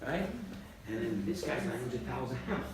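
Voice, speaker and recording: A man teaching a Torah class as a rabbi, animated, acting out little scenes in funny voices and laughing along. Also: medium pitch, fast, crowd noise. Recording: echoey room, mic at a distance, faint background hiss.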